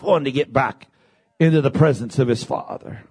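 A man preaching a sermon, swinging from low murmurs to high shouted peaks and calling for responses from the congregation. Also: normal speed, breathy edge.

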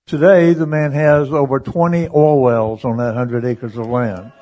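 A man preaching a sermon through a story, animated and chuckling between lines as he acts out the voices. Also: mid-range voice, a little slow.

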